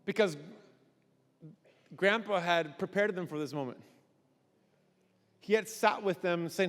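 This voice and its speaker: A male pastor preaching a sermon in an animated storytelling manner, acting out voices. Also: high-pitched, unhurried, long pauses, in a large hall.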